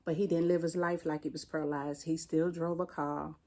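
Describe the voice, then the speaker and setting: An interview guest who is a firefighter, a mellow-voiced woman from D.C., tells a personal story about a painful loss. She speaks in a low pitch with little pitch movement, plainspoken and halting.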